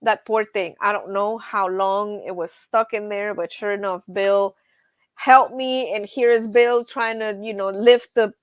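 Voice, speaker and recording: Animated woman hosting a live stream. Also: mid-range voice, unhurried, dry recording. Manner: animated storyteller, says y'all, laughs often. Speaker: livestream host. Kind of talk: casual live-stream chat.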